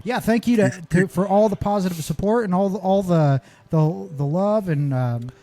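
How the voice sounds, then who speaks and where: A man's voice: high-pitched, moderate pace, warm tone. A man, co-hosting a podcast in a rambling casual way with many restarts. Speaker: podcast co-host.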